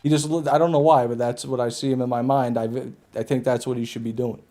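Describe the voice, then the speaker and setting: A man's voice: mid-range voice, fairly even intonation, fast talker, warm tone. A man streaming a video game live, chatting with viewers in a casual, profane, joking way and laughing at his own jokes. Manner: chats with viewers while playing. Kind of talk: casual live gameplay commentary.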